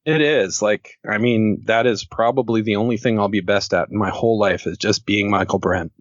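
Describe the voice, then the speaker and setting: A man's voice: fairly low pitch, fairly even intonation, moderate pace, dry recording. A man talking casually as a podcast guest, joking and rambling and laughing often. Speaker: podcast guest, horror author. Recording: dull lo-fi podcast audio.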